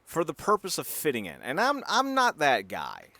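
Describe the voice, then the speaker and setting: A man co-hosts a casual podcast and rants hotly, swearing as he goes. His voice is bright and edged, and his pitch jumps around a lot. The sound is close and dry, with no room echo. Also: huge pitch swings. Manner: profane, ranting, heated; slips into quick comic impressions. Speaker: podcast co-host.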